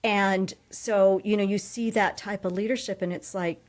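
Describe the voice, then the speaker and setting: A woman's voice: medium pitch, fairly even intonation, normal speed. A woman in her sixties with an American accent, a guest in an interview, telling family stories with frequent laughter and acted-out quotes. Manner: warm storytelling, laughs often, acts out quotes. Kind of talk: conversational interview.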